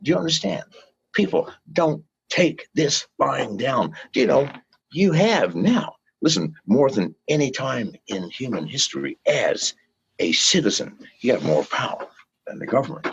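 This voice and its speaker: A man's voice: mid-range voice, sing-song, measured pace, creaky, slightly rough. An older man, a guest in an interview, ranting with fiery, profane pleas to his listeners in a dull lo-fi recording. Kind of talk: impassioned rant in an interview.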